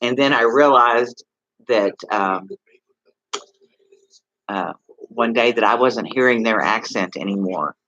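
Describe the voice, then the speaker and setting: A man's voice: medium pitch, slow, long pauses, pushed and bright, no room sound, highs cut off. A man with a Texas accent chatting casually to viewers on a livestream, rambling and asking them questions. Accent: Texan. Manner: rambling, talks straight to viewers with many questions. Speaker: livestream host.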